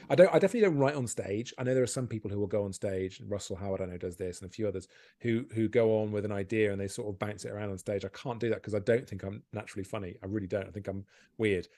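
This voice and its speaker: A man's voice: on the low side, rapid-fire. Self-deprecating male comedian guest. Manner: self-deprecating, animated, laughs often. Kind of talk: candid podcast interview.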